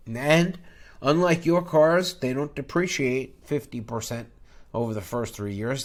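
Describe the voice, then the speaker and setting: A middle-aged man hosts his finance channel in a loose podcast-style monologue. His voice sits a bit high for a man, and he talks in a brash, joking way that hops from one topic to the next. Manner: brash, jokey, jumps between topics.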